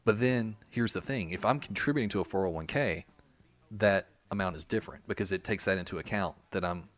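Deep-voiced man in his thirties. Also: brisk. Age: 30s. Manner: rambling storyteller, explains things patiently. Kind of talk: casual chat.

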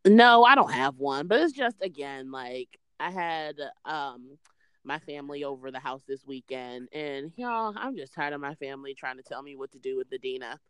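A woman's voice: low-pitched, animated, normal speed, fairly bright tone, smooth, dry recording. A woman in her thirties co-hosting a casual chat, telling family stories and laughing. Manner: chatty storyteller, laughing. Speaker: podcast co-host.

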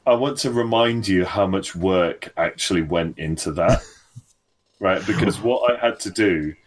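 A man's voice: low-pitched, a little slow. A man with an English accent co-hosting a casual gaming podcast, teasing with sarcastic, sweary banter. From England. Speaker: podcast co-host.

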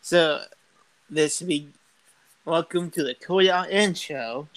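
A man's voice: fairly high pitch, slow pace, fairly bright tone, no echo, rough recording. A man hosting a casual podcast with a friend, talking loosely and rambling. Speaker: podcast host. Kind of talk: casual chat.

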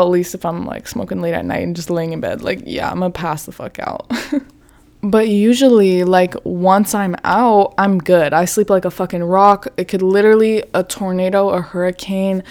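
A woman's voice: on the low side, darkish tone. A young woman hosting her own podcast, chatting casually and giggling often, with lots of "like" and free swearing. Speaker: podcast host. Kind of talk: casual solo podcast chat.

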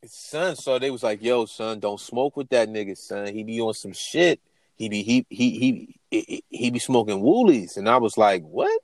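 A man's voice: on the low side, normal speed, a little mellow, no echo. A man co-hosting a podcast, telling stories in casual, profane chat, acting out quotes and laughing often. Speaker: podcast co-host.

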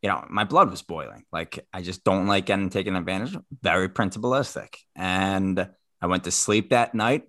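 A man's voice: deep voice, normal speed, a bit bright, no echo, studio quality. A man with a Philadelphia accent, co-hosting a podcast and telling stories in casual chat. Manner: chatty storyteller, explains at length. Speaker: podcast co-host.

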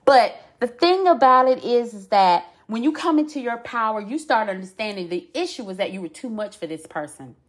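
A woman's voice: fairly high pitch, big pitch swings, normal speed. A woman hosting a podcast, giving impassioned relationship commentary in an emphatic, preachy way and repeating herself for emphasis. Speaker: podcast host.

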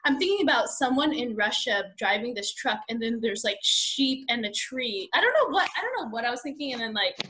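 A woman's voice: on the high side, very animated, a little fast, hardly any pauses, sharp tone. A woman co-hosting a casual podcast, giggly and rambling with many fillers. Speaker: podcast co-host.

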